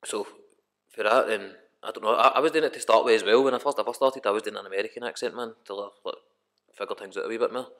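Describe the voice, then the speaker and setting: Young scottish guy rapping about the scene, talks super fast, kinda low voice. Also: fairly bright tone. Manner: fast, rambling, swears often. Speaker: podcast guest, rapper. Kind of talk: casual chat.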